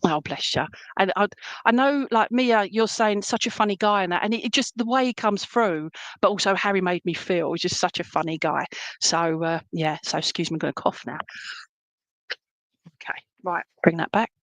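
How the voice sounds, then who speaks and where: A woman's voice: on the low side, moderate pace, a bit bright, dry recording. A woman serving as a spiritualist medium, giving a reading in an online church service in a chatty, reassuring way and often checking in with "okay?" and "all right?". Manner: relays spirit messages in a homely, colloquial way.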